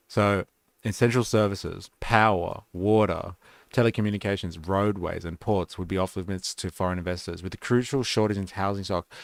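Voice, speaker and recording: Gravelly, low-voiced man, sarcastic streamer. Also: dry recording. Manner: sarcastic, reading aloud, muttering asides. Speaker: live stream host. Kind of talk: live stream commentary.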